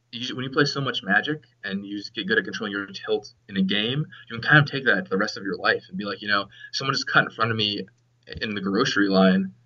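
A man's voice: fairly low pitch, pushed and bright, slightly rough, lo-fi sound. A young man, a game developer chatting casually as a podcast guest, joking and restarting his sentences often.

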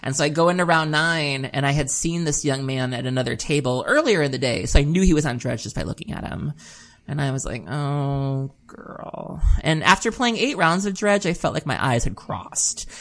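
Low-voiced chatty woman. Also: lively intonation, a little fast. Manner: chatty storytelling with frequent laughs and "um"s. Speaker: podcast co-host. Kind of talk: casual chat.

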